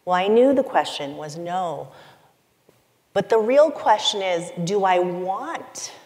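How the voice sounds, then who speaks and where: A middle-aged woman giving a keynote talk, telling a personal story in a confessional, emotive way with deliberate pauses. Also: mid-range voice, animated, a little mellow. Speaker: keynote speaker. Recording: long hall reverb.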